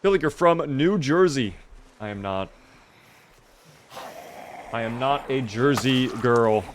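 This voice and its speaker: A man's voice: medium pitch, expressive, takes it slowly, a little hiss or hum. A tired young man streaming a survival game, chatting casually and thanking viewers by name. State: tired, yawning. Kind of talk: casual live-stream commentary.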